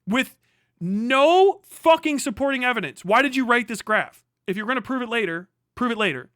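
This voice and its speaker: A man with a high, bright, ringing voice, recorded dry and close with no room sound. He reads an article aloud on a live stream and keeps tearing into it with exasperated, profane rhetorical questions. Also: dry recording. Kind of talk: live stream reaction, reading aloud and ranting.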